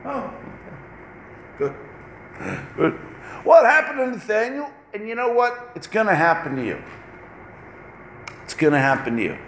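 A man preaching a lively, conversational sermon, acting out short exchanges between people as he goes. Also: high-pitched, moderate pace, long pauses, roomy sound, a little hiss or hum. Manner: animated, conversational, acts out little dialogues. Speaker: pastor.

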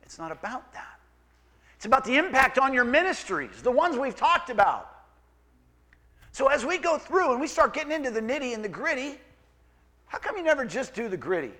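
Lively, bright-voiced preacher man. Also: extremely high pitch, a little fast, long pauses. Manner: conversational, emphatic preaching with asides and acted-out quotes. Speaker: pastor. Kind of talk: sermon.

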